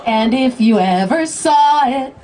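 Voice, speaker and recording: High lively woman leading a live sing-along. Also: slow. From United States. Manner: playful and teasing, coaxing the crowd. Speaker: children's singer performing live. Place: outdoor Christmas lights event, crowd. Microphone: stage microphone through PA. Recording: live PA with music and crowd. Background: backing music and crowd.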